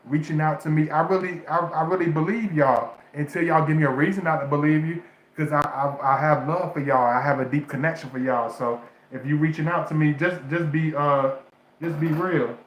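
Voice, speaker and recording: A man talking to his livestream viewers in a fairly high but flat voice, earnest and emotional, often stumbling and restarting his sentences. The sound is picked up on a phone or webcam in an echoey room at home. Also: normal speed, a little hiss or hum. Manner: emotional, repetitive, restarts phrases, addresses viewers as y'all. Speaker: spiritual advice streamer. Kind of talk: casual livestream talk.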